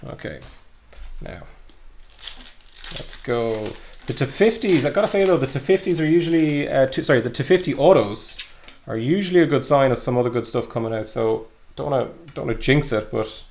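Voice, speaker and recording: Young man, card-break host, upbeat and chatty, gravelly edge. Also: mid-range voice, expressive, moderate pace, darkish tone, slight background noise. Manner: chatty, upbeat, lots of fillers. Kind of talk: live card break commentary.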